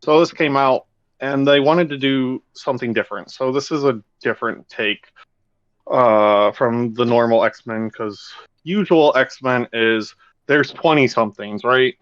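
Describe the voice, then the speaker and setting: Casual swearing podcast host, dull lo-fi sound. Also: male voice, mid-range voice, unhurried, a bit bright, no room sound. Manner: loose, rambling, swears freely. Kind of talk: casual chat.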